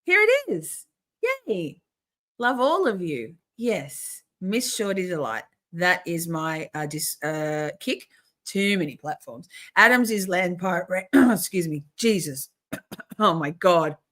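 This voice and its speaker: Chatty middle-aged woman streamer, a touch low. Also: animated, slow, fairly bright tone. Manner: chatty and swearing, frequent throat clearing and restarts. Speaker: livestream host. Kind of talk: casual livestream chat.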